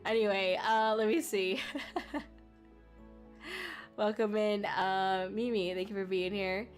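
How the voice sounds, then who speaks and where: A young woman streamer telling a story in casual chat, rambling with many fillers and restarts, laughing often and getting loud when excited. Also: medium pitch, slow pace. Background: faint background music.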